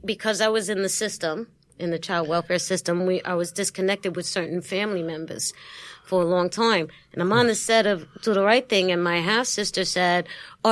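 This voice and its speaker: Brooklyn lady on an interview, animated storyteller, dry close sound. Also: on the low side, no echo. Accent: Brooklyn New York. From Brooklyn, New York. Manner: lively storyteller who acts out quoted voices and laughs often. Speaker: guest. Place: studio.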